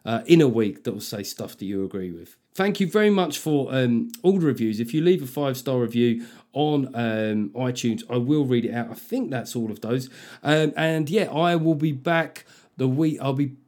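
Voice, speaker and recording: A man's voice: mid-range voice, moderate pace, darkish tone. Chatty man hosting a podcast. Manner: chatty, sweary, self-mocking asides. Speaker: podcast host. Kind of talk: casual podcast chat and reading reviews.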